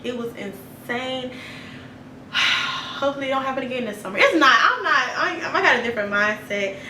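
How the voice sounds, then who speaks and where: A woman vlogger telling a storytime to her viewers, animated, blunt and profane, talking directly to them. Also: high voice, normal speed, noisy background. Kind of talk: storytime vlog. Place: apartment room. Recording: echoey room, a bit far from the mic.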